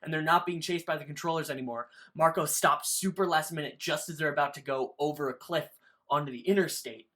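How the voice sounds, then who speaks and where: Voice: mid-range voice, brisk, fairly bright tone. A podcast co-host recapping a book in casual chat, loose and profane, full of "like" fillers.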